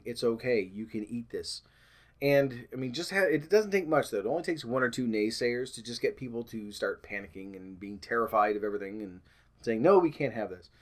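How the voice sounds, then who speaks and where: A man talking casually to the camera in a vlog, rambling with frequent ums and restarts, and putting on mock-panicked voices when he quotes alarmists. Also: mid-range voice. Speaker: vlogger.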